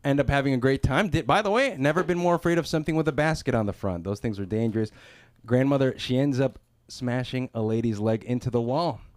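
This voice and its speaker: A man's voice: medium pitch, fast talker, darkish tone, no room sound. A male comedian delivering a stand-up set, punchy and self-deprecating, acting out little characters. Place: small comedy club stage.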